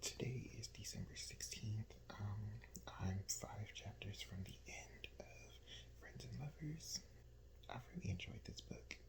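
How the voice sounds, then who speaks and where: Low-voiced male book reviewer, breathy late-night whisper, exasperated and repetitive. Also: expressive, unhurried, low-quality recording. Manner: whispering, repeating himself in exasperation.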